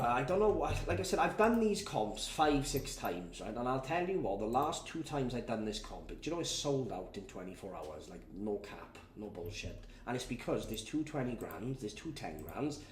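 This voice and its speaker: A tired man hosts a live prize draw in casual, rambling chat and swears freely. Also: medium pitch. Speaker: competition host running a live prize draw. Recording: echoey room with faint background noise.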